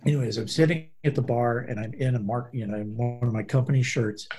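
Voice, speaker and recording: A man's voice: medium pitch, steady tone, fast talker, warm tone. A man co-hosting a casual podcast, telling rambling anecdotes and slipping into voices for the people in them. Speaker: podcast co-host. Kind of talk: casual chat, storytelling.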